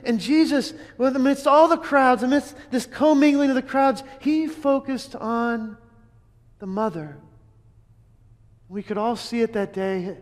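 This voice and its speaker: A man with a very high-pitched, slightly slow voice preaches a dramatic sermon, speaking in the first person as an eyewitness. He is earnest, restarting lines and repeating words for emphasis. The recording carries a long hall reverb.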